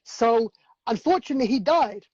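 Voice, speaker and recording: A man's voice: very high-pitched, animated, normal speed, a little mellow, husky, no room sound. Man chatting loosely over a dull stream. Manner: rambling, filler-heavy storytelling. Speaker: DJ and producer. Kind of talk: casual livestream chat. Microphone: video call.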